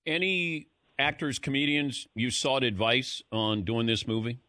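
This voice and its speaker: A male interviewer with a bright, forward tone keeps the chat playful and laughs easily. His voice sounds dry and close. He asks easygoing questions about comedy and work. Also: mid-range voice, fairly even intonation, measured pace, no room sound.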